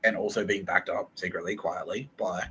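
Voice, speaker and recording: A man's voice: sits low, fairly even intonation, moderate pace, sharp tone, slight background noise, poor audio. A man hosting a podcast in a profane, rambling monologue, laughing and acting out quotes. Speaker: podcast host.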